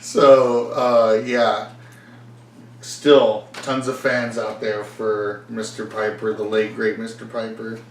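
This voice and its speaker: A man's voice: lowish voice, little pitch movement, slow pace. A young man casually chatting as a podcast host, rambling, laughing often and acting out the voices of people in his stories. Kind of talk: casual chat. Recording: echoey room from far off, faint noise.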